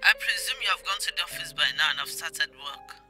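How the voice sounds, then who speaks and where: A woman's voice: deep voice, expressive, sharp tone, soft background music, full character voice. An actress playing a mother who pushes her son about wedding plans, in a Nigerian accent. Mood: pushy. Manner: brisk, pushy. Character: pushy mother planning her son's wedding.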